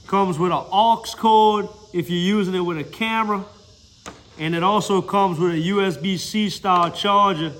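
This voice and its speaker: A man's voice: high voice, a bit bright. A man with a Mississippi accent doing a casual product review in a hot mechanic shop, talking folksy and straight to his viewers, recorded on a phone's built-in mic.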